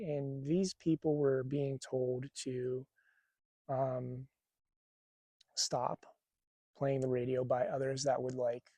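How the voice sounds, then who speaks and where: A man tells a personal story in a relaxed, rambling way, often stopping with fillers and starting over. His voice is gravelly and mellow at a medium pitch. The recording is dry and close, with no room sound. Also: dry recording. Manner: rambling, hesitant, many fillers and restarts. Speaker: spiritual channeler.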